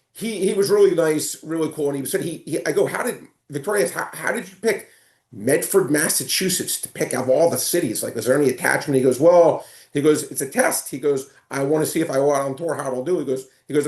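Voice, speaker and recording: A man on a casual sports podcast, telling animated stories with lots of stumbling restarts. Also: on the high side, fast talker, roomy sound. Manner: animated storyteller, stumbling restarts and excited retelling. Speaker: guest.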